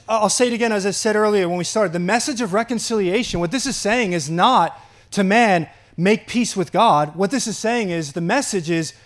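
High-voiced man preaching with earnest wonder. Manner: earnest preaching, slows for emphasis, laughs in delight. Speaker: pastor. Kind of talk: sermon.

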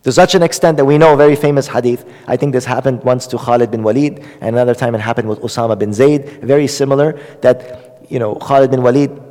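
A man's voice: mid-range voice, fairly even intonation, fast, warm tone, in a large hall. A man giving an Islamic religious lesson in a conversational way, with many fillers and repetition for emphasis. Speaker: religious lecturer.

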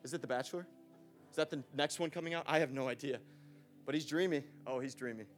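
A man putting on a quiet, gushing voice of a churchgoer swooning over a TV star. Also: medium pitch, fast, soft background music, voice pushed down, lightly acted.

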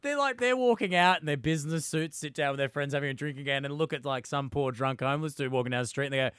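Smooth, bright man cracking wry jokes. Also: fairly high pitch, fast talker, no echo, clean studio sound. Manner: laughs easily, wry one-liners. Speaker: podcast co-host. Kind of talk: comedic casual chat.

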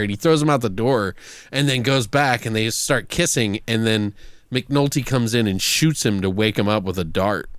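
A man's voice: mid-range voice, moderate pace, clean tone, no room sound. A man co-hosting a casual movie review podcast, swearing freely, laughing often and acting out scenes. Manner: animated, swearing, laughs a lot, acts out lines from the movies. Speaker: podcast co-host.

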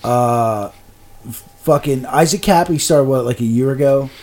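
A man's voice: mid-range voice, unhurried, a little mellow, a little hiss or hum. A man co-hosting a podcast, talking bluntly in casual chat, with lots of swearing and stammered restarts. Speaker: podcast co-host.

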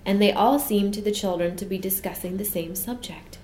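A woman narrating a children's storybook in a gentle, measured way. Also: mid-range voice. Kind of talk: storybook reading. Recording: echoey room, faint noise.

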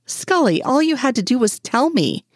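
Teasing wry agent guy read by a woman, dry close sound, pitched a bit up. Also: very animated, normal speed, dry recording. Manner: teasing, laughing. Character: wry grown man, teasing FBI agent.

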